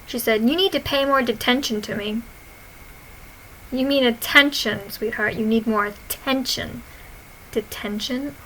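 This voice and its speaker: A young woman vlogger casually reading out her own posts, giggling, swearing and retelling stories in an animated way. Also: a little high, measured pace, slight background noise, low-quality recording.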